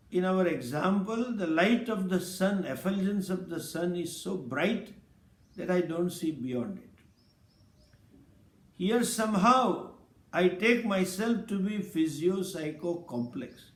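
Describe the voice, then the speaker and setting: A man giving a scripture lecture as a spiritual teacher, speaking slowly and deliberately and explaining Sanskrit terms. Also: a little high, roomy sound.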